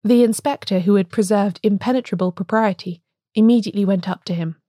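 A woman reading a classic detective story aloud in a steady, measured storytelling voice. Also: mid-range voice, dry recording, clean studio sound. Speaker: podcast host reading a story.

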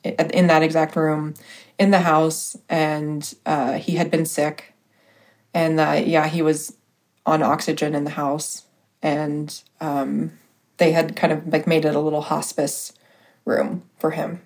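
A woman with a notably low voice talks through a personal story as a podcast guest. Her telling is casual and halting, with frequent pauses and small fillers as she searches for words. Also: little pitch movement, a little mellow. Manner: hesitant, full of pauses and fillers.

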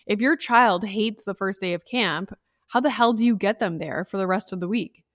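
A woman's voice: mid-range voice, normal speed, dry recording. A woman in her thirties talks through her own story on a solo podcast, recorded at home. She keeps saying "like" and slips into the voices of the people she quotes. The sound is close and dry. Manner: chatty, peppered with "like", acts out quoted voices. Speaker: podcast host.

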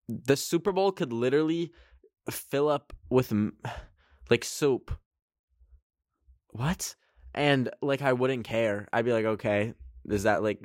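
A man's voice: mid-range voice, dry recording, studio quality. A young man hosting a casual solo podcast, goofy and rambling with lots of fillers and laughs. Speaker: podcast host.

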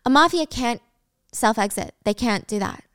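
A cool, fearless teenage girl, voiced by a woman narrator, speaking in a level, unhurried way. The voice is smooth and close, with no room sound. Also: a little high, no room sound. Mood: calm. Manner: calm, level.

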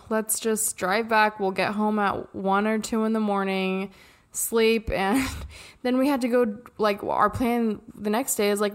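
A woman in her thirties, co-hosting a podcast, telling a family story in a lively way, laughing often and jumping in to finish her partner's sentences. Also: medium pitch. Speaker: podcast co-host. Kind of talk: casual storytelling.

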